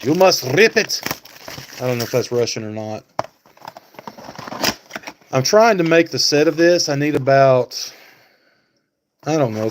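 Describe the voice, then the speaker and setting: A man's voice: mid-range voice, background noise. Guy on a live stream just chatting away, lots of ums, talks to his chat. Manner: rambling, thinks aloud with many fillers; talks back to chat viewers by name.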